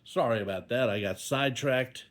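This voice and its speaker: A man's voice: mid-range voice, moderate pace. An older man vlogging casually from a hospital room, rambling and folksy with joking asides. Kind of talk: casual talk to camera.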